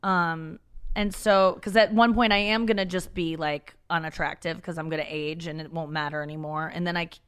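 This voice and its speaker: A woman's voice: low voice, fairly even intonation, brisk, smooth. A woman talking candidly as a comedian guest in a podcast conversation, frank and self-deprecating, rambling with many restarts.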